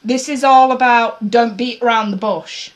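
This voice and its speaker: A woman giving a casual tarot reading to her viewers, blunt and swearing freely, her voice going a bit hoarse. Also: on the high side, steady tone, measured pace, rough recording. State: losing her voice, coughing. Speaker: tarot reader.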